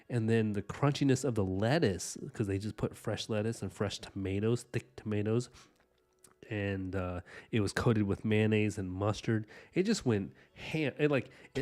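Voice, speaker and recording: A man with a fairly low, slightly mellow voice speaks at a moderate pace while hosting an art livestream. He chats casually with viewers, rambling enthusiastically with lots of "like" and "you know."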